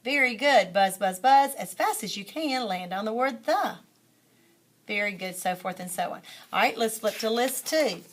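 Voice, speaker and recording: A woman's voice: mid-range voice, animated, moderate pace. A woman teacher trainer demonstrating a classroom lesson, modeling call-and-response reading drills and explaining the method to other teachers.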